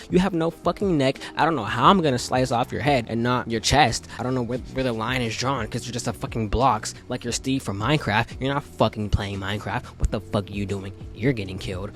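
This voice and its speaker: A man's voice: medium pitch, fairly quick, few pauses. A man ranting casually into his phone, profane and brash, trash-talking and getting worked up. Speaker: commentator ranking game characters.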